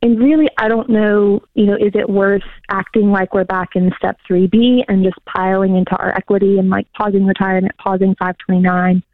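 A woman's voice: mid-range voice, flat delivery, fairly quick, hardly any pauses, no echo. A woman calling in to an advice show, speaking hesitantly with many fillers. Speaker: caller. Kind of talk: phone call-in. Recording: tinny phone line.

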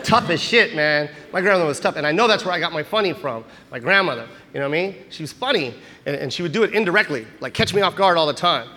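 A male stand-up comedian telling animated, profane stories on stage, recorded live in a large hall. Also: fairly high pitch, fast talker, few pauses, a little hiss or hum. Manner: animated, profane, act-out storytelling. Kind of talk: stand-up storytelling. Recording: live show in a hall with audience. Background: audience laughter.

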